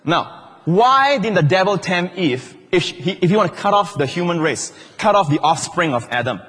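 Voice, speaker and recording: Pastor preaching in a reverberant hall. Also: male voice, high voice, sing-song, moderate pace, fairly bright tone. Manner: playful, teasing asides to the congregation. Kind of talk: sermon. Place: large church hall.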